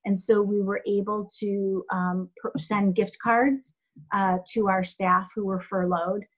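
A woman who runs a health center, answering interview questions in a thoughtful, halting way with many fillers. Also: mid-range voice, flat delivery, poor audio.

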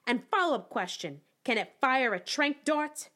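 A woman's voice: high voice, animated, moderate pace, very noisy. A woman playing a tough, wry young circus performer who speaks bluntly.

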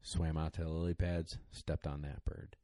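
A man's voice: extremely low pitch, moderate pace, dry recording. A young man, a dog trainer, casually telling a podcast story in a rambling, emotional way with lots of fillers. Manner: rambling, excited, many fillers.

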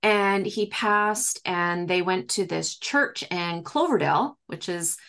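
A woman's voice: fairly low pitch, takes it slowly, vocal fry, fairly bright tone. A woman as an interview guest, chatting casually and telling her story with lots of fillers, acting out what people said. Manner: chatty, acts out quoted dialogue, many fillers. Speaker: guest medium.

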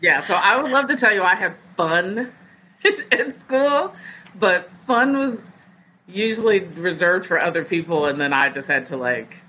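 Woman, 40s, podcast guest; low voice, bright edge, animated storyteller. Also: a little slow, husky, low-quality recording. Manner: lively storyteller who acts out other people's words. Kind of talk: casual storytelling.

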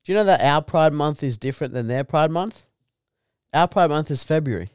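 Smooth-voiced young Australian man, swearing. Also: fairly high pitch, lively intonation, a little fast, a little mellow, no room sound, studio quality. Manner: laid-back, heavy swearing, says "dude" a lot. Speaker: podcast co-host. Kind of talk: casual crude chat.

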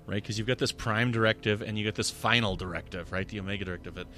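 A man's voice: lowish voice, fast, sharp tone, soft background music. A man guesting on a podcast, talking enthusiastically and casually with many fillers during a commentary. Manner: enthusiastic, talks with many fillers like "you know" and "right".

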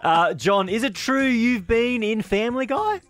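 A man's voice: very high voice, animated, a little slow, a bit bright. A male radio co-host chiming in with laughing, friendly questions. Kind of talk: radio interview chat.

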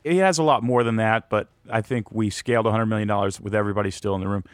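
A man's voice: on the low side, fast, smooth, no room sound. A man hosting a podcast, talking in an enthusiastic, conversational way into a close mic. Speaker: podcast host. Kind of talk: podcast interview and wrap-up.

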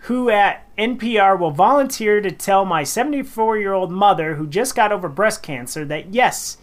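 Animated giggly woman radio co-host. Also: medium pitch, normal speed. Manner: animated, giggly, acts out quoted lines. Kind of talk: reading listener tweets on a comedy radio segment.

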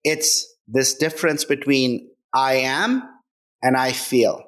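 A man's voice: medium pitch, slow, fairly bright tone. A man speaking as a guest author in a conversational interview, earnest and emphatic, often checking in with "right?".

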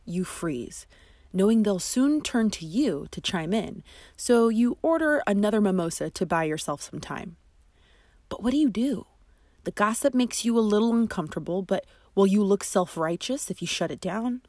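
A woman's voice: mid-range voice, animated, moderate pace, darkish tone, no room sound. A woman hosting an advice podcast as a friendship coach, talking in a chatty, emphatic way with asides. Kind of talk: scripted podcast narration and advice.

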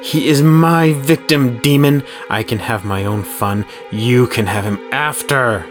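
A man voicing a possessed, murderous man bound to a demon, speaking with slow, gloating menace. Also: on the low side, over music, lightly acted. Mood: screaming. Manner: slow, gloating menace with raised, strained outbursts.

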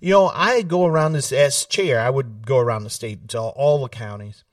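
Animated man, set back from mic. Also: mid-range voice, normal speed, dry recording, clean studio sound, far from the mic. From South Carolina. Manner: animated, laughs often, acts out family voices. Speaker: political candidate, guest. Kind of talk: casual storytelling interview.

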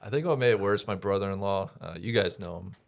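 A man's voice: deep voice, fast, vocal fry. A man co-hosting a casual podcast, walking his friends through notes with frequent hesitant fillers. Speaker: podcast co-host presenting research.

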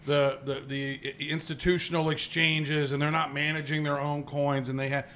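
A man's voice: fairly high pitch, little pitch movement, moderate pace, a bit bright, slight background noise. A man co-hosting a casual podcast, rambling and playful, fond of putting on silly voices. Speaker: podcast co-host. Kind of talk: casual chat.

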